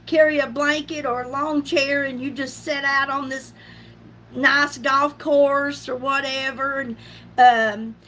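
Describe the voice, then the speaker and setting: A woman's voice: high voice, fairly even intonation, takes it slowly, sharp tone, slight background noise. A middle-aged woman chatting casually on a makeup livestream, laughing often and greeting viewers by name. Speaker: beauty livestream host. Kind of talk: casual makeup live chat.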